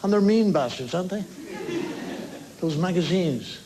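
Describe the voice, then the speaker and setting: A male comedian on a TV stage rants in an exasperated stand-up monologue. His voice sits unusually high and leaps around as he builds each complaint. A studio audience laughs clearly in the background. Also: expressive, moderate pace, a crowd in the background, background noise. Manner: exasperated, ranting.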